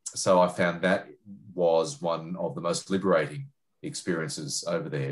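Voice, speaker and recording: A man with an Australian accent and a deep, low-pitched voice answers questions in an interview. He speaks haltingly, stopping to restart his sentences and fill pauses with ums and uhs. He sounds middle-aged, a journalist talking about his reporting. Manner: hesitant, many fillers and restarts. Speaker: journalist and foreign correspondent.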